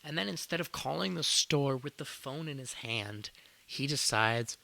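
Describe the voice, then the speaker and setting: A man's voice: medium pitch, moderate pace, gravelly, bright, forceful tone. A young man telling a work story on a podcast in a rambling, exasperated way, swearing casually. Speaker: podcast host.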